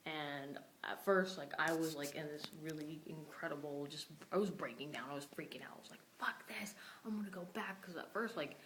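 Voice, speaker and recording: A woman's voice: low-pitched, fairly even intonation, a little fast, few pauses, a bit bright, slight background noise, rough recording. A young woman vlogging casually, upset and venting about a family fight, swearing freely. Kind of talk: casual vlog rant.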